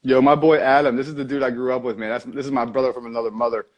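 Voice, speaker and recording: A man's voice: mid-range voice, flat delivery, racing. A man chatting casually at a round table, laid-back and agreeable, swearing easily. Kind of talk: casual chat.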